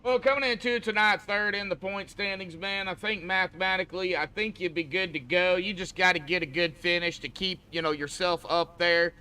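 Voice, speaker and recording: Bright, high-voiced man calling a sim race. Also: fairly even intonation, a little fast, few pauses, clear, resonant tone. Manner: chatty, folksy, calls people buddy. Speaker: race broadcaster. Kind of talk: sim racing commentary.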